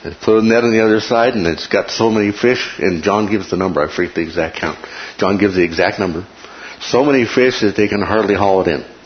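A man hosting a casual Bible discussion, animated and laughing often as he acts out quotes. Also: on the low side. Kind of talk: casual Bible study chat. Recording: dull lo-fi room recording with noise.

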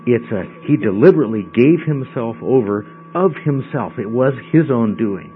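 A man's voice: mid-range voice, animated, moderate pace, faint music behind. A man teaching a Bible study in a conversational way, often checking in with the class. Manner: conversational, checks in with frequent "okay?". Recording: dull lo-fi recording with mains hum.

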